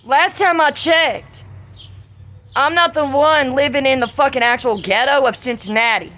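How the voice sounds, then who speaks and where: A middle-aged woman with a Southern US accent, venting in a profane, confrontational vlog monologue that rises to shouts. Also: high-pitched, moderate pace. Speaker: vlogger.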